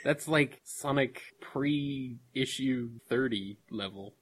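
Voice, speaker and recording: A man's voice: medium pitch, takes it slowly, breathy edge. A man hosting a podcast, joking around and laughing often in casual chat. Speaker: podcast host.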